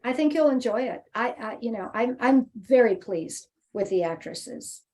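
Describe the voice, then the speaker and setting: A woman's voice: on the high side, animated, moderate pace, a little mellow. A woman author chatting on a video call and answering readers' questions encouragingly. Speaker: guest author. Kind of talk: casual video call conversation.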